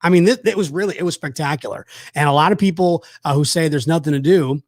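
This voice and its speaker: Speaking fast in a slightly high voice, a South Georgia man hosts a casual chat and spins rambling, excited stories packed with fillers. The recording is dry and studio-clean.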